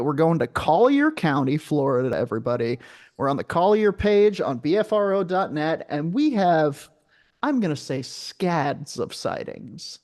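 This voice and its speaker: Guy hosting a comedy podcast, kinda high voice, reading stuff out and goofing around. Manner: jokey, riffing asides while reading. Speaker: podcast host. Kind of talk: comic podcast banter, reading sighting reports aloud.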